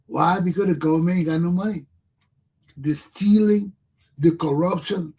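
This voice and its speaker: A man's voice: on the high side, normal speed, dark tone, slightly rough. A man with a Liberian English accent hosting a talk show, giving impassioned political commentary and repeating himself as he addresses his listeners.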